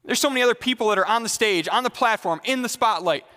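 A man's voice: high-pitched, fast, pushed and bright, smooth, in a large hall. A preacher voicing a self-pitying male believer who whines and complains to God. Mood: whiny indignant. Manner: whiny, indignant, exasperated.

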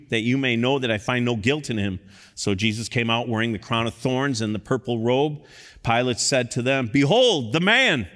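Man, pastor, sermon, fairly low voice, impassioned emphatic peaks, long hall reverb. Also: fairly bright tone.

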